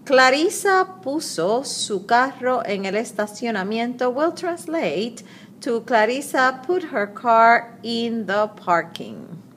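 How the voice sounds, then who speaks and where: A woman teaches a grammar lesson at an unhurried pace. Her pitch moves up and down a lot as she reads out each verb form. A faint hiss of room noise sits behind her voice. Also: sing-song, fairly bright tone. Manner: slow, deliberate, repeating conjugations aloud. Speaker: Spanish teacher. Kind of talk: slide-based grammar lesson.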